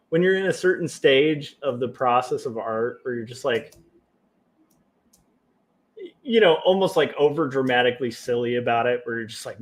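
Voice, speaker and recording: A man talking casually to his viewers while he works on comics, wry and self-mocking, with offhand jokes. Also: mid-range voice. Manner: wry, self-mocking, drifting into jokey quoted voices. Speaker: livestreaming comic artist.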